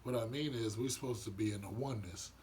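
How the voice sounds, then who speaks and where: A man's voice: fairly low pitch, fast, a little mellow, slight background noise. A man giving an earnest, rambling monologue about spiritual matters, often restarting his sentences. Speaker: vlogger sharing spiritual views. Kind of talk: casual reflective monologue.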